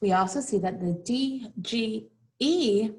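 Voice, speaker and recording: A woman teaching a phonics lesson to young children, saying each word slowly and repeating it. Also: on the high side. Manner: slow, deliberate, repeating each word twice.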